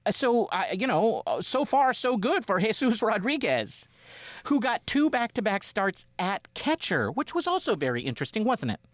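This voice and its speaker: A man co-hosting a sports podcast with his brother, talking in a rambling, animated way and often acting out quotes. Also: sits high, normal speed, no room sound, clean studio sound. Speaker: podcast co-host. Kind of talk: casual sports chat.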